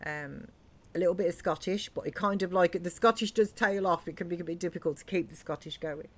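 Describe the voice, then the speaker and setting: A woman chatting casually and softly on a gaming live stream, rambling with many fillers. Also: lowish voice, brisk.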